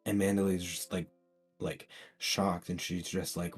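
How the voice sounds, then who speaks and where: A man's voice: low voice, little pitch movement, a little slow, husky, faint music behind. A man telling a fan-made story in a casual, rambling way, full of fillers and restarts. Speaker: channel host.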